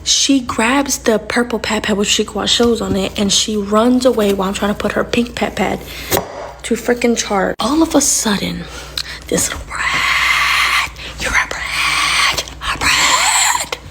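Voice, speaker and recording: A woman's voice: medium pitch, moderate pace, creaky, heavy background noise. A young woman telling casual storytime stories about her little sister, acting out the lines in her story as she goes.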